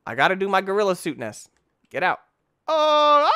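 Excitable young man yelling over a game. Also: on the high side, fairly quick, clear, resonant tone, dry recording, clean studio sound. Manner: excitable, yelps and shouts in bursts. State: tired, yawning. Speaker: gaming YouTuber. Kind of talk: let's play commentary.

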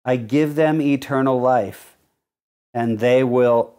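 A male pastor preaching a sermon, explaining verses in an earnest teaching manner and reading scripture slowly with stressed key words. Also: mid-range voice, darkish tone.

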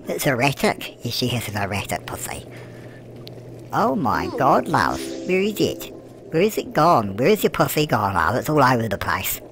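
This gameplay commentator has a natural, medium-pitched voice with lively intonation and a moderate pace, heard over a noisy background and background music. In character as a fussing, cheeky elderly British grandmother, he gossips about a life-sim game for a comic let's-play, cooing "love" and answering his own questions.

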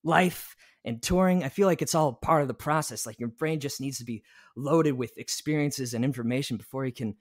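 Male podcast guest, casual storyteller, animated quotes, mid-range voice. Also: mid-range voice, a little fast. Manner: animated, quotes people in lively bursts, swears casually.

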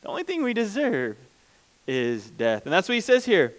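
A man's voice: high-pitched, huge pitch swings, normal speed. A man preaching a conversational sermon as pastor, plain-spoken and informal, often restarting mid-sentence.

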